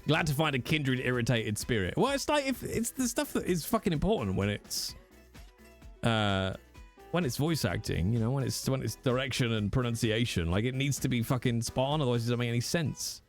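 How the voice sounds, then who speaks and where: A man's voice: mid-range voice, a little fast. Chatty guy in his 30s on a livestream, voice jumps all over, a bit of music under him. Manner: animated, swearing, chatty with viewers. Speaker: streamer. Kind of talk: casual livestream chat. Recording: faint music behind.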